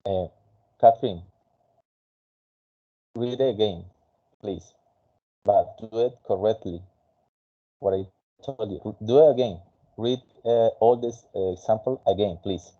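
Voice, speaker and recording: A man's voice: on the low side, measured pace, long pauses, warm tone, lo-fi sound. A man teaching an English class, patiently coaching a student with many fillers and restarts.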